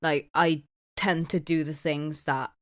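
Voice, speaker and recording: A woman with a fairly low voice chats casually as a podcast co-host, rambling and filling her stories with "like". She laughs often mid-sentence. The sound is close and dry. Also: steady tone, unhurried, dry recording. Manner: rambling, many "like" fillers. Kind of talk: casual chat.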